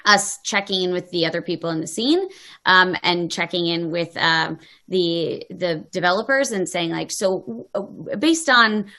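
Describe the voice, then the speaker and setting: A woman, a voice actor, answering interview questions in an animated way, quickly acting out quoted notes and questions. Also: lowish voice. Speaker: voice actor guest.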